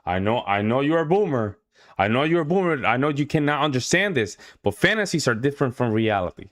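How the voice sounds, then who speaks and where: A man's voice: mid-range voice, big pitch swings, brisk, a bit bright. A man hosting a reaction video, adding chatty asides to his viewers. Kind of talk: casual reaction commentary.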